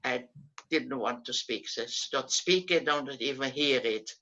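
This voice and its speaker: A woman in her nineties, a Holocaust survivor, tells her story on a video call, pausing often with um and restarting her sentences. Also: a bass voice, a bit bright. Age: 90s. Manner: unhurried storytelling with frequent um and restarts. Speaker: Holocaust survivor giving testimony. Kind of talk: spoken testimony over video call. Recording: muffled video-call audio.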